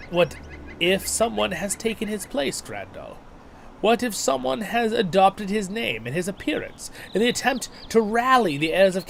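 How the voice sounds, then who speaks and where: A man's voice: sits high, gravelly, a little hiss or hum, pitched above the performer's own voice, full character voice. A man voicing a thoughtful, wary male companion in a fantasy game, with a stuffed-up nose. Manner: slow and pondering.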